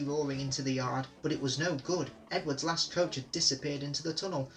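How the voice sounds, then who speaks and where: Bright-voiced man reading storybooks. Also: medium pitch, little pitch movement, moderate pace, few pauses, faint music behind. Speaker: storybook reader. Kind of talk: storybook narration.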